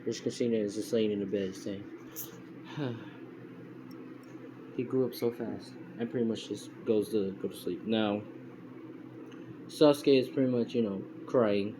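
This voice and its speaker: A young man with a somewhat low voice tells a story in a loose, rambling way, full of fillers and restarts. He was recorded on a phone, and a steady hiss sits clearly under his voice. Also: normal speed. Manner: rambling, heavy on fillers and self-corrections. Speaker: fan storyteller. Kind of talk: casual retelling of a fan story. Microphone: phone screen recorder.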